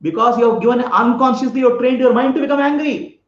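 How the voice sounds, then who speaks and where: A man with a very high voice speaks quickly, giving a spiritual talk in which he tells a parable, asks his listeners questions, and laughs often. He comes across as a spiritual teacher. The room is echoey and the lo-fi sound is slightly dull.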